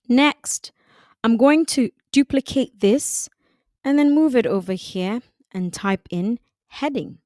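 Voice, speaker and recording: A woman narrating a screen-recorded design tutorial, giving unhurried step-by-step instructions. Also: a little high, a little mellow, no echo, studio quality.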